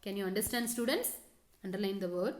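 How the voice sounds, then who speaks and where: A woman's voice: mid-range voice, quick pace, roomy sound. A woman teacher giving a science lesson, repeating key terms and questions and telling students to underline words and draw diagrams. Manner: frequent "okay" and directions to underline and draw. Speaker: school teacher.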